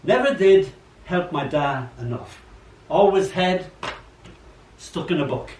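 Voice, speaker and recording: An older man reading his poems at an open mic, chatty and animated, acting out the voices in his stories. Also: fairly high pitch, slow pace. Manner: chatty, animated storyteller who acts out quotes. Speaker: poet. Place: old library room. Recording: echoey room, mic far off, faint hum.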